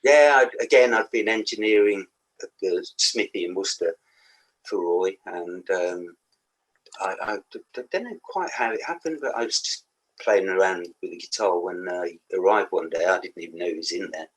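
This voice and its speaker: Older Black Country musician, husky and low, rambling and anecdotal. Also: male voice, moderate pace, poor audio. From England. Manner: rambling anecdotes with laughs and asides. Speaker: guest musician. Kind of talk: casual podcast interview.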